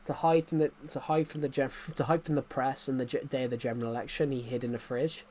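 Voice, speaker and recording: A man's voice: mid-range voice, fairly even intonation, quick pace, a little mellow, slight background noise. Rambling streamer guy. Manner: rambling, repeats phrases, frequent chuckles. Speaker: game streamer. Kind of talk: casual live-stream chatter.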